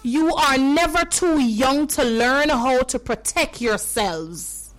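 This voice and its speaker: A Jamaican woman hosting a children's radio show from a studio, her voice pitched high and her words unhurried. She talks to the kids with warm, caring repetition. Soft music plays faintly behind her. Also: lively intonation. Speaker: radio host.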